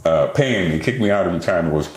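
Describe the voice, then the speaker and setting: Older male guest, low voice, cussing and animated, roomy studio sound. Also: racing. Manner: animated, profane storyteller acting out others' lines. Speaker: podcast guest. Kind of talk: storytelling interview.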